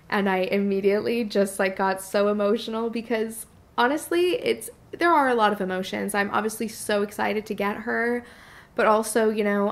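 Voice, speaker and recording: A woman vlogger talking casually to camera in a heartfelt, chatty way, with frequent fillers. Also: mid-range voice. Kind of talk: casual personal vlog talk.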